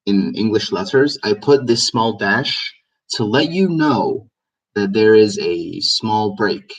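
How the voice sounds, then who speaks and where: Male teacher, lowish voice, casual live lesson, mic at a distance. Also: slightly rough. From Egypt. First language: Egyptian Arabic. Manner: explanatory, repeats words for emphasis. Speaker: language teacher.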